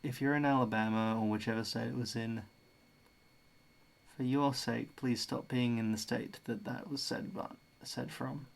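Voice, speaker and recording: A man's voice: mid-range voice, fairly even intonation, normal speed, creaky. An Australian man chatting casually as host of a livestream, musing about accents. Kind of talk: casual stream chat.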